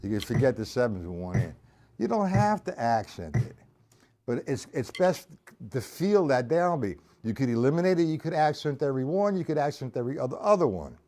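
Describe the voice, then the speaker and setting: Guy teaching drums live, counts the beats out loud, easygoing. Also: mid-range voice, sing-song, a little fast. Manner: casual, explanatory, counting beats aloud. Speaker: drum teacher. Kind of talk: live-streamed drum lesson.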